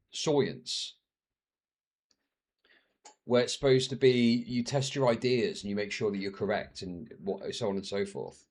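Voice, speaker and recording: Profane man mocking on stream. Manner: profane, mocking, slips into shrill mimicking voices. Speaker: streamer reacting to a video. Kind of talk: casual live-stream commentary.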